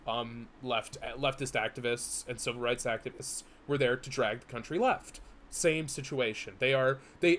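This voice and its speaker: A man's voice: medium pitch, fairly bright tone, a little hiss or hum. A man co-hosting a podcast in casual chat, explaining at length with many restarts and fillers. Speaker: podcast co-host.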